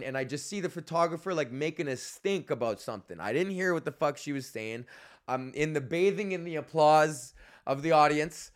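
A man's voice: on the high side, fairly quick, smooth. A man who hosts a podcast and does stand-up, telling stories in a casual, profane rant and acting out the voices of the people in them. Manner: animated, profane, acts out voices in his stories. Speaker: podcast host and comedian.

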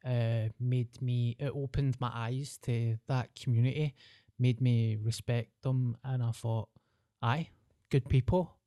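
A man's voice: mid-range voice, flat delivery, a little slow, dark tone, no room sound, clean studio sound. A young Scottish man, a comedian, chatting on a podcast and telling stories in broad dialect with plenty of swearing. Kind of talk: casual chat.

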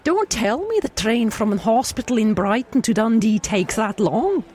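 A man's voice: high-pitched, animated, normal speed, husky, pitched above the performer's own voice. A man voicing a fed-up Scottish wife nagging her husband over the phone in a put-on Scottish accent. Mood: scolding. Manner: scolding, sharp.

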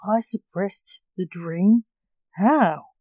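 A curious young male wizard asks slow, emphatic questions with nervous puzzlement , as a woman voices him. The tone is mellow and the storybook reading dry and close. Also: mid-range voice, no room sound, lightly acted.

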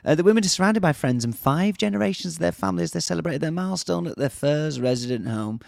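A man with a Northern English accent, co-hosting a podcast in casual chat, animated and jokey. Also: a little high, quick pace, vocal fry, dry recording. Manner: animated, jokey, reads news aloud in bursts. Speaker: podcast co-host.

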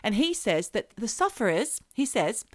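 A woman's voice: a little high, sing-song, normal speed, no room sound, studio quality. A woman co-hosting a podcast, telling a story in casual chat and trailing off when she's unsure. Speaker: podcast co-host.

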